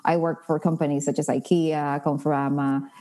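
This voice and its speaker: A woman's voice: deep voice, flat delivery, normal speed, mellow. A woman in her thirties from the Dominican Republic with a Dominican Spanish accent, a guest in a casual interview who talks with enthusiasm and laughs often.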